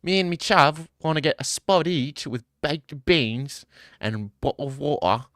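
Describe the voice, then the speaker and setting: Dude putting on a mock british chav voice, loud and rowdy, ordering food with "oi", dry mic. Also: male voice, on the high side, animated, normal speed, no room sound, voice pushed up. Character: cheeky British lad ordering takeaway food.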